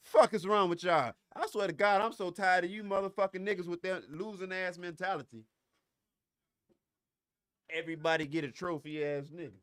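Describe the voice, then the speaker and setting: A man's voice: high-pitched, fairly even intonation, moderate pace, fairly bright tone, no room sound, clean studio sound. A middle-aged man hosting a podcast, ranting in a profane, heated and confrontational way, often stumbling over restarts. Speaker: podcast host. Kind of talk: solo podcast rant.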